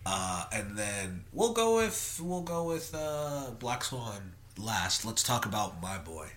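A man's voice: on the low side, slow pace. A man co-hosting a podcast, chatting casually about a movie and playfully arguing his point. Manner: animated, playfully argumentative. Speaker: podcast co-host. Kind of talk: casual movie review chat.

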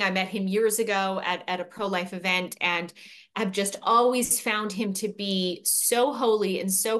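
A woman from Canada talks through her experiences as an interview guest, speaking fluently and articulately. Her voice sits at an average pitch and her answers come out as long, steady stories. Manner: articulate, fluent storytelling with light laughs. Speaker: guest, pro-life speaker and author.

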